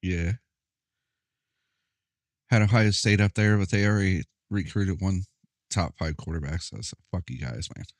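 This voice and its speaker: A man's voice: deep voice, steady tone, normal speed, pauses often, no room sound. A young man chatting casually while playing a football video game, laid-back, profane and often laughing. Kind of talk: casual gameplay chat.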